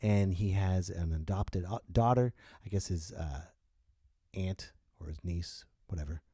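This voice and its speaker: A man's voice: deep voice, measured pace, mellow, slightly rough, dry recording, studio quality. A man hosting a comedy podcast, ranting about a movie in an exaggerated, profane way. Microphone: podcast mic.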